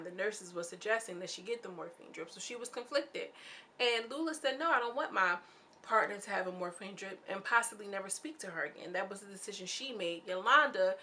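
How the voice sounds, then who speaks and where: A woman's voice: sharp tone, a little hiss or hum. Chatty young woman recapping a show. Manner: chatty and candid, acting out quoted lines with swings in pitch. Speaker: YouTube reality-show recapper. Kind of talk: casual recap commentary.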